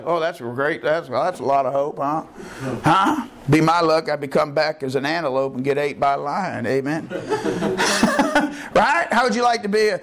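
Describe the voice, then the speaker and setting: A man preaching a sermon as pastor of a church, impassioned and folksy, rising to shouts. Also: fairly high pitch, very animated, normal speed, a little hiss or hum.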